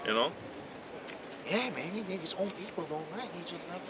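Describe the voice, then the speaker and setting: A man in a casual group discussion who speaks haltingly with many fillers and builds into heated rhetorical questions. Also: high voice, animated, crowd noise. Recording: distant mic, clear outdoor noise.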